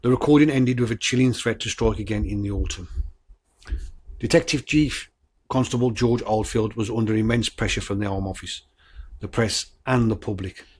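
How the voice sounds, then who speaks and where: Brief: a male podcast host with a lowish voice, casual and blunt, who trips over his words. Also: moderate pace, husky. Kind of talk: casual true-crime podcast talk mixed with reading notes.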